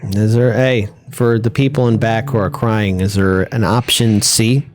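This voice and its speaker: A man's voice: lowish voice, fairly even intonation, a little mellow. Stammering man reacting in chat. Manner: stammering, reactive, quick backchannels. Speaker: co-host of a news commentary show. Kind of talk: casual opinion chat.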